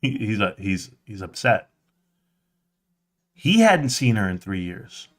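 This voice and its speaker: A man hosting a livestream, telling a personal story in a casual, animated way, jumping into a higher voice to act out quotes. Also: takes it slowly. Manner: animated, acts out quotes in a high voice; conversational, with fillers and restarts. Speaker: livestream host.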